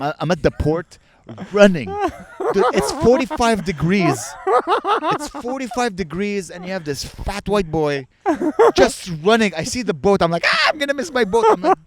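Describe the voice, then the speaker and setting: A young man on a comedy podcast, animatedly telling a travel story and acting out the people in it. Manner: animated, acts out quoted people with high voices. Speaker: podcast co-host.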